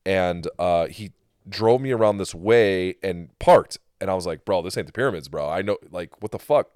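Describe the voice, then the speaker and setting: A man's voice: sits low, moderate pace, clean tone, no room sound, studio quality. A man hosting a podcast, telling a travel story in casual chat, swearing and acting out the people he met. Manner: animated storyteller, swears, acts out quotes. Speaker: podcast host.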